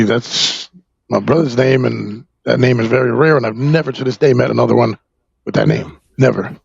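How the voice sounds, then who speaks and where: A man from New Jersey, a podcast guest, candidly recounting a personal story in a halting, rambling way full of fillers and profanity. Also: mid-range voice, vocal fry, breathy edge, no echo, lo-fi sound.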